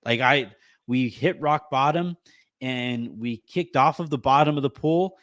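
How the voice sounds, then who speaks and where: Male podcast host, 30s, mid-pitched, choked up and rambling, dry close mic at home. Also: a bit bright, no echo. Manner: rambling, halting, many restarts and fillers. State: holding back tears. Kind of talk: emotional thank-you on a sports podcast.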